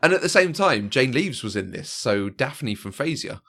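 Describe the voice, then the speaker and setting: A man co-hosting a film podcast in casual chat, animated and fond of acting out lines. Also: medium pitch, normal speed, gravelly. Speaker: podcast co-host. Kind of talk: casual chat about films.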